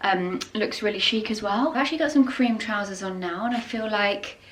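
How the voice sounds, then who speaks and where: A woman's voice: medium pitch, a little fast, a bit bright. A young woman, chatting enthusiastically in a casual home vlog about decor and clothes. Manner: gushing, enthusiastic product chat. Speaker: lifestyle vlogger.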